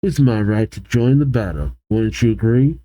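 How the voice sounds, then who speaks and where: A man doing a low, laid-back punk guy. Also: normal speed, mellow, no room sound, lightly acted. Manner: drawling, easygoing, says "for real". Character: laid-back punk male storage-system keeper.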